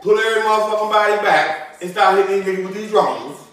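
A man hosting a casual, heated, profane debate, talking loudly and insistently. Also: high-pitched, fast talker. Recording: echoey room, mic at a distance.

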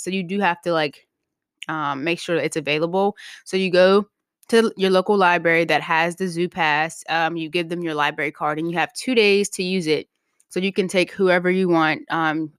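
Casting note: woman podcast host, somewhat low voice, loose, chatty delivery, dry close-mic sound. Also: clean tone, no room sound. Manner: chatty, laughs easily, lots of "like" and "um". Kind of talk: casual solo podcast chat.

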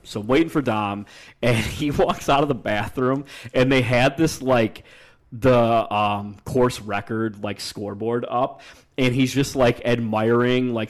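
A young man co-hosting a podcast, telling stories in a casual, animated way, acting out the people he quotes and swearing freely. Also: mid-range voice. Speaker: podcast co-host. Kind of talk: casual storytelling chat.

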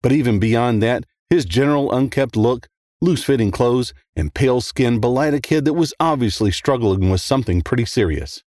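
A man narrating a first-person horror story in a steady, measured way. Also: mid-range voice, dry recording, clean studio sound.

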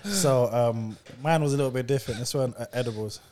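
A man's voice: mid-range voice, fairly quick. A young man, telling a story in a casual podcast chat and laughing as he goes. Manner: animated, laughing storyteller using slang. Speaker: podcast co-host.

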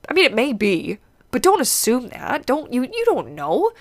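A woman's voice: high voice, huge pitch swings, normal speed. A young woman hosting a casual chat, talkative and laughing often, with a stuffed-up, congested nose. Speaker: podcast host.

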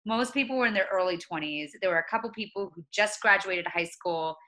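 A woman in her late twenties speaking as an interview guest, earnest and reflective, often pausing and restarting. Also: mid-range voice, bright, forceful tone, poor audio. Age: 20s. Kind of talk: conversational interview.

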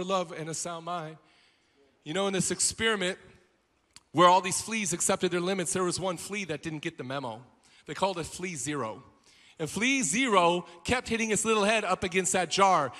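A man preaching a sermon with a high, bright voice that carries a long hall reverb. He drops to near-murmurs and then builds to full shouts. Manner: swings from quiet to shouting. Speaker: pastor.

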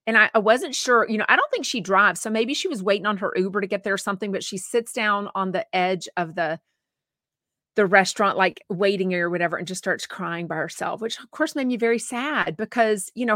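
Woman co-host, bright chatty delivery, close dry sound, reads viewer comments. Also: medium pitch, no echo. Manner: chatty, rambling, sympathetic. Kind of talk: casual chat reading viewer comments.

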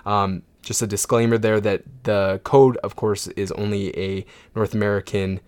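A young man hosting a casual gaming podcast, relaxed and upbeat, with plenty of fillers. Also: lowish voice, normal speed. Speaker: podcast host.

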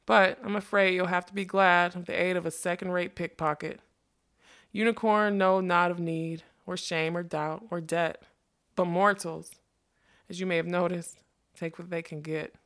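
Woman reader voicing a self-doubting male magician: rueful, heavy-hearted, low-pitched. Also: fairly even intonation, normal speed, a bit bright. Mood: gentle.

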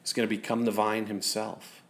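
A man's voice: lowish voice, completely flat delivery, normal speed. A man preaching a sermon in a conversational way, with self-deprecating asides. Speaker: pastor.

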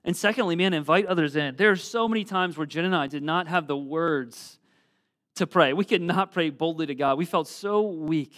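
Middle-aged male preacher, earnest sermon delivery, voice pitched a bit high, scripture read with swelling emphasis. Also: normal speed, fairly bright tone. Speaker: pastor.

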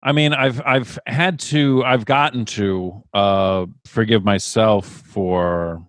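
A man's voice: lowish voice, fairly even intonation, slow, no room sound, clean studio sound. A man in his forties, a guest in a casual conversation, talking reflectively and openly with casual swearing. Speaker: podcast guest.

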